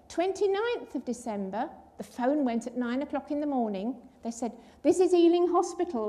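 A woman's voice: sits high, mellow. An older woman giving an earnest personal testimony at a church, telling her story and acting out the voices of the people in it.

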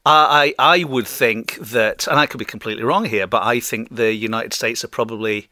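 A British man hosting a podcast interview, often halting and repeating words. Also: medium pitch, fairly even intonation, sharp tone, no echo, studio quality. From Britain. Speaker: podcast host.

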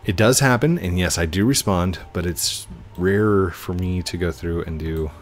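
A man's voice: low-pitched, moderate pace, a little hiss or hum. A young man hosting a gaming channel, chatting casually and rambling to his viewers while he plays. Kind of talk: casual gameplay commentary.

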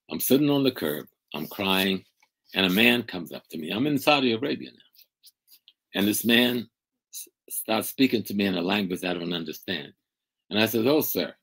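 An older man speaking as a guest on a video call interview. His voice is very low and husky. He tells his story dramatically, with loud emphatic bursts. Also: low-quality recording. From United States. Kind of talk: storytelling in a conversation.

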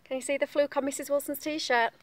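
A woman's voice: high voice, steady tone, fast talker. A woman reading a picture book aloud to young children in a sing-song voice, stopping to ask them questions.

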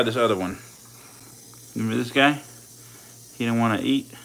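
A man's voice: mid-range voice, moderate pace, vocal fry, long pauses, fairly bright tone, slight background noise. A man casually chatting to his live-stream viewers and his snakes while feeding them, in slangy, swearing talk. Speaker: reptile keeper streaming live. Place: indoors by snake enclosures.

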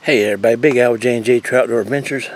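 A man's voice: medium pitch, fairly even intonation, racing. A man with a twang tells his story outdoors from the tailgate of a truck. His mid-range voice stays folksy and easygoing, and he pokes fun at himself as he goes. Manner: folksy, self-deprecating storyteller. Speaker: regular on the channel. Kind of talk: casual vlog storytelling.

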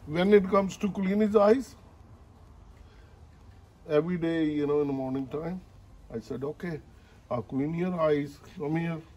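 A man's voice: fairly high pitch, unhurried, pauses often, dark tone, rough recording. A man at home talking casually to his dog and the camera, coaxing and repeating himself, laughing often, with non-native grammar. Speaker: dog owner vlogger.

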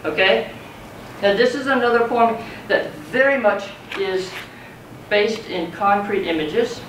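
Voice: mid-range voice, a little slow, a bit bright. Poetry teacher, chatty lecture style, distant mic in a reverberant classroom. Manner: conversational, checks in with students. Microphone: far from speaker. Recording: roomy classroom, mic far off, faint noise.

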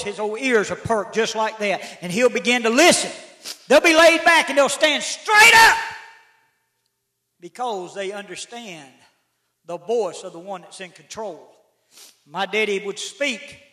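A middle-aged man preaching a sermon in a church, folksy and rising to shouts. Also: high voice. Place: church sanctuary. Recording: echoey church livestream.

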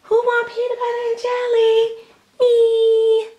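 A woman voicing a chirpy little toddler girl for a doll, in a squeaky, sing-song way. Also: monotone, takes it slowly, warm tone. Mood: boastful.

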